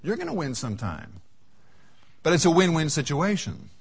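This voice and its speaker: Husky folksy preacher man, lively pitch. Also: moderate pace. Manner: folksy storytelling, voices the Lord and his wife. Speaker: seminar speaker. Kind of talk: sermon with acted anecdotes.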